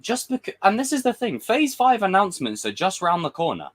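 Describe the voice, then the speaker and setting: A man's voice: high-pitched, huge pitch swings, fairly quick. A man giving a casual, frustrated livestream rant as a film commentator, swearing and acting out quotes.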